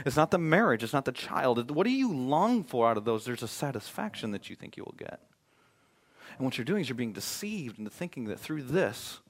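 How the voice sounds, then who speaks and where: A male pastor preaching a sermon in a conversational, joking way, swinging between emphatic loud points and quiet, hushed ones. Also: medium pitch.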